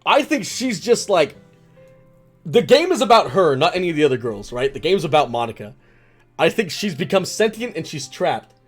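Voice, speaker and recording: A woman streaming a game, rambling excitedly as she theorizes about the story. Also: low voice, normal speed, husky, faint music behind. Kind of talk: let's play commentary.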